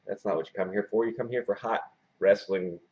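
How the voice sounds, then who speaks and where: A man in his forties hosting a casual wrestling video blog, talking in a self-described monotone and rambling with many fillers and restarts. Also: fairly low pitch, brisk. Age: 40s. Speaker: wrestling blogger and video host. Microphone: camera mic. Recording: dull lo-fi camera audio.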